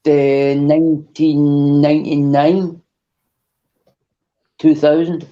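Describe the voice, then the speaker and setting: Mellow man on a dull line. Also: a little high, little pitch movement, slow. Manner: laid-back, reminiscing. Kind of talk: casual online banter. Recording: lo-fi muffled audio.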